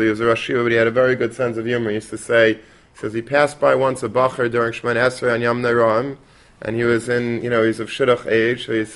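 A man's voice: mid-range voice, vocal fry. A man teaching a Torah class in a conversational way, dropping Yiddish and Hebrew terms and restarting often.

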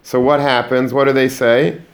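A man giving a Torah lesson to students, animated, often repeating words and mixing in Hebrew and Yiddish terms. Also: medium pitch, moderate pace. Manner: animated, repeats words while building a point. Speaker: Torah teacher. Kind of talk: religious lecture to students.

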